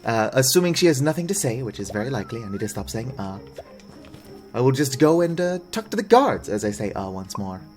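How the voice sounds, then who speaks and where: Brief: casual gamer narrating a playthrough, wry and lively, faint music under him. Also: male voice, mid-range voice, fast, few pauses. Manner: wry, self-mocking asides, reading game text aloud. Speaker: gaming video creator. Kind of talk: casual let's-play commentary.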